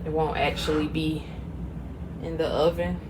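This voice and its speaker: Mom vlogging in her kitchen, low voice, noisy background, gets teary. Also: little pitch movement, unhurried. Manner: chatty, laughs often, gets teary and sentimental. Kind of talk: casual kitchen vlog chat. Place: home kitchen. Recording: noisy home recording.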